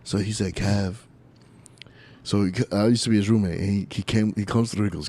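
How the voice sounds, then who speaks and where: A man's voice: on the low side, fairly quick, a little mellow. A young man who is a podcast guest, telling stories in swearing bro slang. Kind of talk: casual podcast chat.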